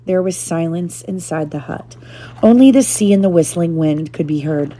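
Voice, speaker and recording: A woman reading a chapter book aloud to her child in a steady, gentle narrating manner. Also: lowish voice, moderate pace.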